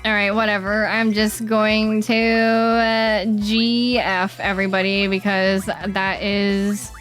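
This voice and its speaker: A woman's voice: medium pitch, flat delivery, takes it slowly, a bit bright. A woman streaming gameplay, reacting with dramatic yelps and groans of frustration. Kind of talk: live gameplay commentary. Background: faint game music.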